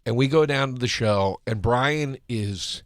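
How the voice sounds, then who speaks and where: A man's voice: medium pitch, measured pace, dry recording. A man hosting a podcast, telling a profane anecdote in casual chat and laughing as he goes.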